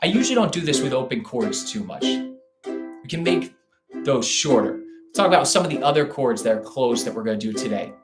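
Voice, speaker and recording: A man leads a ukulele lesson in a relaxed, chatty way, sometimes scatting drum and bass rhythms aloud to show the feel. His voice sits in a mid range, and loud ukulele strumming plays behind him. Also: a little fast, reverberant, loud music behind the voice. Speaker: ukulele teacher. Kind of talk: live online music lesson. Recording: ukulele playing loudly behind the voice. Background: ukulele playing.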